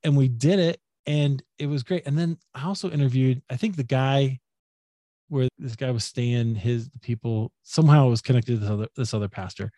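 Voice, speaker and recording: A man's voice: brisk, no echo. A man being interviewed as a podcaster, telling stories casually and animatedly, acting out what people said. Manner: animated, acts out quoted speech with jumps in pitch. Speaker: podcaster and guest.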